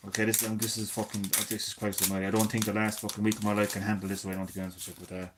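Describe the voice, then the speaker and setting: A man in his thirties, chatting casually and swearing a lot as a gaming streamer, drifting between loud remarks and mumbled asides. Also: fairly low pitch, level tone, very fast, noisy background. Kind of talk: casual rambling commentary.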